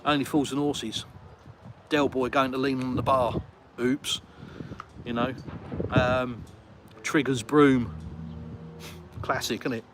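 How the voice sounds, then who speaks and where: A man's voice: medium pitch, fairly even intonation, takes it slowly. A middle-aged English man with an English accent, chatting casually on a livestream and reading out viewer messages. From England. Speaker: live streamer. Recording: loud street and traffic noise.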